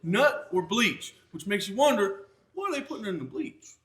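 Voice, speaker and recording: A man with a high, bouncy voice tosses out deadpan jokes in casual banter. The room is echoey, and a crowd of voices chatters behind him. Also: moderate pace.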